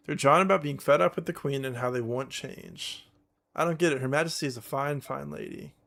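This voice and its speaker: A man's voice: medium pitch, creaky, fairly bright tone. A man voicing a friendly old male farmer in a video game, speaking with a rural American country twang in a folksy, easygoing manner.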